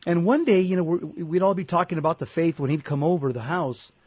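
A man's voice: on the high side, fast, darkish tone, husky, dry recording. A man co-hosting a Catholic talk show, speaking earnestly and often repeating words as he gets going. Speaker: Catholic radio co-host. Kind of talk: casual faith talk show chat.

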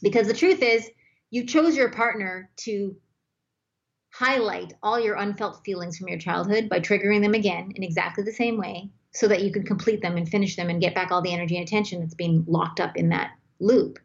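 A woman's voice: medium pitch, fairly quick, vocal fry. A woman speaking as a guest on a talk show, giving flowing, emphatic advice and acting out sample dialogue. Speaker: guest expert. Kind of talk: relationship advice chat. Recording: slightly dull lo-fi sound.

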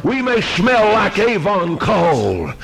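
A middle-aged man preaching a fiery storytelling sermon, moving from hushed tales to shouted exhortation. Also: high-pitched, wildly swooping pitch, slow pace, creaky, husky.

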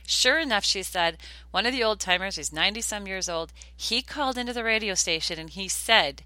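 A woman's voice: medium pitch, animated, a little fast, bright, forceful tone, no room sound. An older woman hosting a podcast, talking in an earnest, chatty way and telling stories. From United States. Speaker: podcast host. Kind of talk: casual podcast talk.

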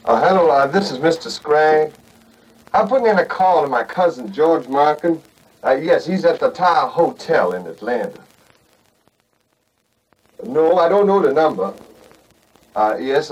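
A man's voice: a little high, animated, a little slow, husky. An actor playing a young northern man who fakes a Southern accent on a phone call, stammering and polite, in a 1960s film. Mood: nervous, insistent. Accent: put-on American Southern. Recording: distant 1960s film soundtrack, faint hiss.

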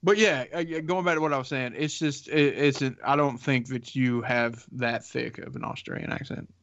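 A man's voice: medium pitch, fairly even intonation, a bit bright. Rambling male co-host, lo-fi sound. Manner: rambling, halting with fillers. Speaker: podcast co-host. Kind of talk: casual chat.

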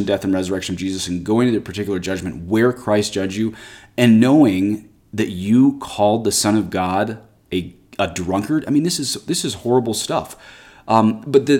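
A priest with a fairly low male voice gives an earnest, conversational talk on a scripture passage. He moves between reading old quotations aloud and explaining them plainly, the way a preacher talks to a viewer. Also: a little mellow. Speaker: Catholic priest.

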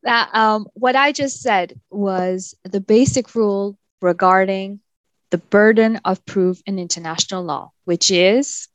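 A woman's voice: medium pitch, measured pace, no echo, rough recording. A woman co-hosting a casual legal podcast, explaining a point of law in a playful, teasing way. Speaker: podcast co-host.

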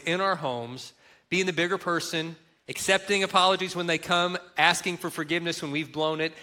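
A man's voice: on the high side, sharp tone. A middle-aged man preaching a sermon as a pastor, earnest and emphatic, repeating key words for weight.

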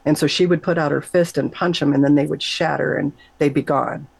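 A middle-aged woman, a nurse, telling an emotional personal story in an interview, animated and emphatic, her voice leaping up whenever she quotes herself. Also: fairly quick, creaky, slightly rough, no echo, rough recording. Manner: animated, emphatic, jumps high when quoting herself. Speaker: guest, nurse.

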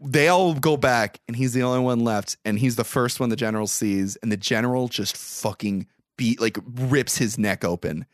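A man's voice: medium pitch, normal speed, hardly any pauses, dry recording, clean studio sound. Profane man animatedly recapping a film. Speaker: podcast host. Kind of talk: casual movie recap.

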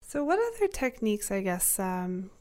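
A woman's voice: medium pitch, big pitch swings, moderate pace, darkish tone. A woman co-hosting a podcast, chatting in a friendly way with hedges and fillers. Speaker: podcast co-host. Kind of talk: casual interview chat.

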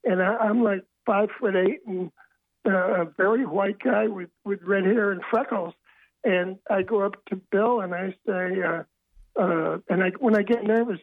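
A man's voice: sits high, dry recording. An older man, a book author, telling long rambling anecdotes as a radio interview guest, often restarting his sentences. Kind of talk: phone-in radio interview storytelling. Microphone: telephone. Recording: tinny phone line.

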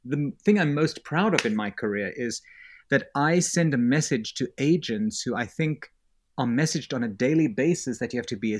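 A man with a South African accent, a real estate agent answering interview questions in an earnest, reflective way. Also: mid-range voice.

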